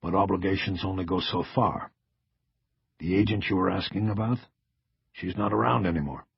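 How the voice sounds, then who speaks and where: A man's voice: deep voice, moderate pace, creaky, slightly rough, no room sound, highs cut off, heavily acted. A man playing a guarded male federal agent. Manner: guarded, evasive.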